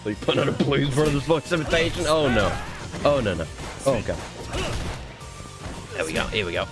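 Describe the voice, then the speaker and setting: Rambling, sweary streamer. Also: male voice, mid-range voice, moderate pace, over music. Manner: rambling, sweary, self-mocking. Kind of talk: casual game commentary.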